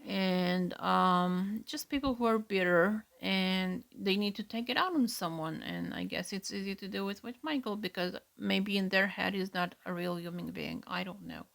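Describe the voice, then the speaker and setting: A woman hosting a solo reaction podcast, talking in an earnest, chatty way with fillers and soft asides. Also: mid-range voice, moderate pace, vocal fry, few pauses. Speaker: podcast host.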